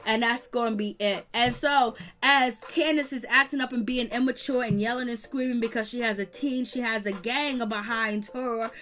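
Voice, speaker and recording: A woman's voice: on the high side, fairly even intonation, normal speed, few pauses, a bit bright. A woman giving blunt, slangy, scolding commentary on reality TV. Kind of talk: casual commentary.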